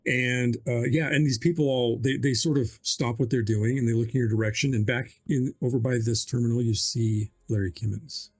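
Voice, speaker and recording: A man's voice: mid-range voice, steady tone, normal speed, few pauses. A man narrating as game master of a tabletop game, hesitant and full of fillers.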